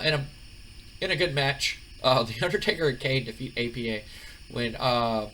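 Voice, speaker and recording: A man's voice: mid-range voice, fairly bright tone, slight background noise, poor audio. Rambling man recapping a wrestling sim. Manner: rambling, many fillers and restarts. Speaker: gaming video host. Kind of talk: casual game commentary.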